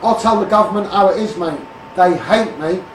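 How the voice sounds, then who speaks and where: A high-pitched Scouse man hammers out a blunt, emphatic live-stream rant, calling everyone mate. His phone picks him up from a distance, so the voice sounds echoey and roomy, with a faint hiss of background noise underneath. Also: moderate pace. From Liverpool area. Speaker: Facebook Live campaigner. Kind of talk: ranting live stream monologue.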